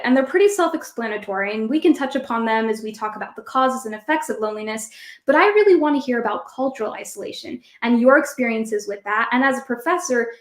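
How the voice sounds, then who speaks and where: A woman hosting a conversational podcast, explaining ideas and leading into questions for her guest. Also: fairly high pitch. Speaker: host. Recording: roomy echo.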